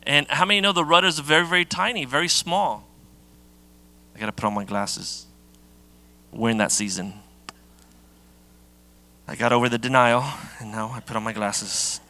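A middle-aged pastor from giving a sermon in a casual, conversational way, with many fillers and restarts. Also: male voice, medium pitch, moderate pace, long pauses, bright, forceful tone.

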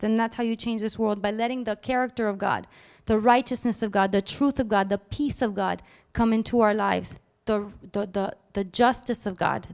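A woman preaching a sermon in a lively, animated way, acting out little scenes sudden loud outbursts. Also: a little high, clear, resonant tone.

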